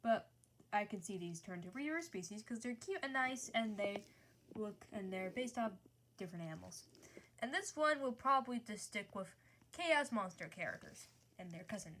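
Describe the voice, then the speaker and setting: A woman's voice: medium pitch, expressive, normal speed, fairly bright tone, a little hiss or hum. A woman casually narrating what she colors and draws, chatty and rambling, often restarting her sentences. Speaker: art channel creator.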